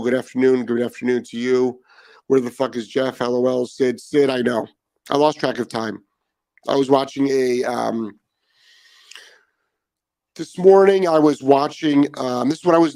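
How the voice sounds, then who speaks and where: A middle-aged man hosting a live dog training show, ranting with profanity and repetition, then chatting more calmly with viewers. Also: mid-range voice. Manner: calmer chatty greeting of commenters. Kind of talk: ranting live stream monologue.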